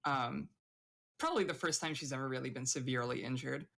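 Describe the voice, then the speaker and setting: Female player, deep for a woman, halting, filler-heavy. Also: vocal fry, fairly bright tone. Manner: hesitant, many fillers. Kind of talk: casual tabletop play.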